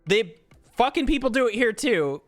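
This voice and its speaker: A man's voice: extremely high pitch, sing-song, normal speed, faint music behind. A man streamer telling a story in a casual, ranting way, swearing a lot.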